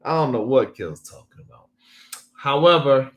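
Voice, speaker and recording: A man's voice: mid-range voice, animated, normal speed, reverberant, highs cut off. A man hosting a live stream, chatting casually, greeting viewers by name and laughing often.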